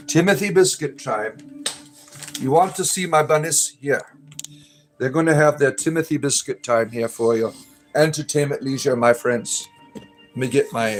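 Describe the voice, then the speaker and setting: A middle-aged man hosting a casual livestream, rambling and chatting with viewers as he answers their comments. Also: fairly high pitch. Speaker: livestream host.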